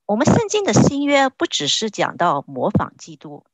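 Lively woman interpreting a sermon. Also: mid-range voice, normal speed, no room sound. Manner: searching for words, with frequent hesitations.

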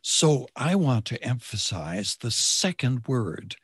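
A man preaches in short, measured phrases with pauses between them. His husky voice moves with lively rises and falls, and his delivery is unhurried. The sound is close and dry. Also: medium pitch, dry recording.

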